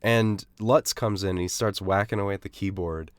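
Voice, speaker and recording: Low-voiced young man, dry podcast recaps. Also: steady tone, moderate pace, dry recording. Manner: dry, matter-of-fact recapping. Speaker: podcast co-host. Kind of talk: casual chat.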